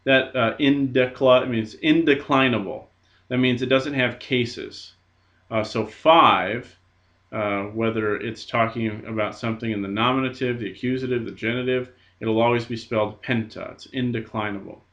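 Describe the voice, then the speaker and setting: A man's voice: mid-range voice, steady tone, moderate pace, fairly bright tone. A man teaching a recorded language lesson, patient and methodical with frequent fillers. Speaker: Greek teacher. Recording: dull lo-fi recording.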